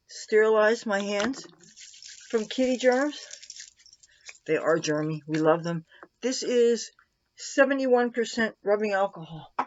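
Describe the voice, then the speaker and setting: A woman with a medium-pitched voice films a makeup tutorial in her bedroom at home, and the recording sounds muffled. Between steps she rambles and chats fondly to her cat in baby talk.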